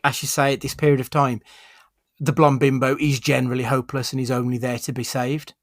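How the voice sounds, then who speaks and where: Male podcast co-host, mid-pitch, dry close sound, easygoing film-review chat. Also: brisk, no echo. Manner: relaxed, leads the rating categories.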